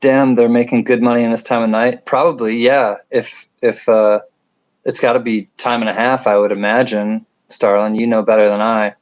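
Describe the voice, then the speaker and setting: A man's voice: medium pitch, level tone, normal speed, poor audio. Man, middle-aged, nasal, upstate New York accent, rambling livestream chat, joking asides. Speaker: livestream host reading chat. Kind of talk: casual chat with viewers. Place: home, at night.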